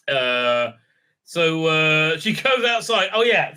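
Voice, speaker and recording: Middle-aged man, rambling profane recap, slightly high voice, bright and forceful tone. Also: very animated, slow pace, smooth. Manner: rambling, profane, keeps asking "right?". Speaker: TV show reviewer. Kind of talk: casual spoken recap.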